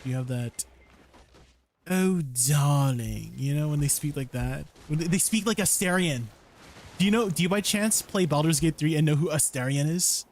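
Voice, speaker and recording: A man's voice: fairly high pitch, a little fast. A young man chatting casually with his viewers on a live stream, laughing often between questions. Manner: giggly, chatting with viewers while gaming. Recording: faint background noise.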